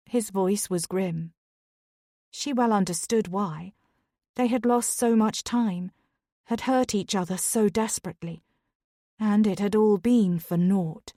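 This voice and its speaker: A woman's voice: medium pitch, unhurried, mellow, no room sound, studio quality. Woman narrating a romance audiobook.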